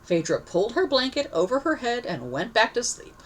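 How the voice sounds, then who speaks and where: A woman's voice: on the high side, big pitch swings, a little fast, breathy edge, poor audio. A woman narrating a story aloud, reading expressively and correcting herself now and then. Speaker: story reader.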